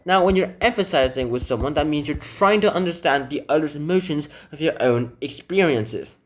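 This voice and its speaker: A young man whose first language is Korean talks through English vocabulary in a loose, relaxed way. He thinks aloud and adds hedges and asides as he goes. His voice sits slightly higher than most men's. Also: normal speed. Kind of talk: casual explanation reading example passages aloud.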